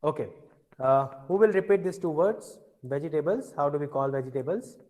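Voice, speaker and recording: A man's voice: a little high, animated, dark tone, poor audio. A man teaching a French vocabulary lesson, patiently repeating each word. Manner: slow, patient, repeats words for drilling. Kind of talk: classroom language lesson.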